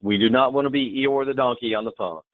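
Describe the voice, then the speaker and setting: Lively male trainer on a thin phone line. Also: medium pitch, quick pace, no echo. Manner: lively, demonstrative, checks in with "okay?". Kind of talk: webinar presentation. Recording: tinny phone-like webinar audio.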